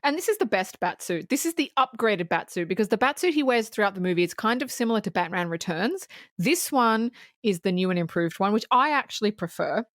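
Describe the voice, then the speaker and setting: A woman co-hosting a movie podcast, retelling a film's plot with lively, profane enthusiasm and a ready laugh. Her voice sits at an ordinary pitch and sounds dry and close, with no room around it. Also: a little fast, no echo. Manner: animated storytelling, swears freely, laughs often. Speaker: podcast co-host. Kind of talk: casual movie-review chat.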